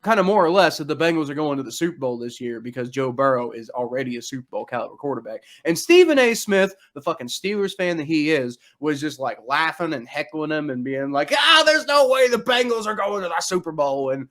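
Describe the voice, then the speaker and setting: A young man hosting a casual sports podcast, talking excitedly and rambling with many restarts. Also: medium pitch, brisk, few pauses. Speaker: podcast host.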